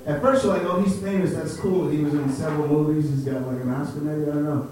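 A man's voice: on the high side, fairly even intonation, fairly quick. Young guy doing stand-up, laid back, laughs at his own jokes, big echoey room, mic kinda far off. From Chicago. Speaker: stand-up comedian. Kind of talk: stand-up set. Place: comedy club stage. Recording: roomy, distant club recording.

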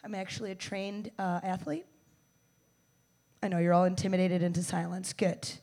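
A woman in her twenties from the United States performing a stand-up set, brash and profane, with loud bursts and mock-tough asides. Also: on the low side, flat delivery, normal speed. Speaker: stand-up comedian.

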